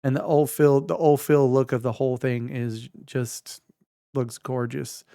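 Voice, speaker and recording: A man's voice: medium pitch, fairly even intonation, measured pace, mellow, dry recording, studio quality. A young adult man hosting a casual gaming video, talking enthusiastically and rambling with frequent restarts. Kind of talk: casual game preview talk.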